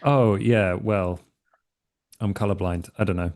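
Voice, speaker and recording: A man with a fairly low voice plays his character in a tabletop game. He talks in an easygoing, offhand way and sounds persuasive without pushing hard. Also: steady tone, unhurried, darkish tone. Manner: laid-back, offhand, persuasive. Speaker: player.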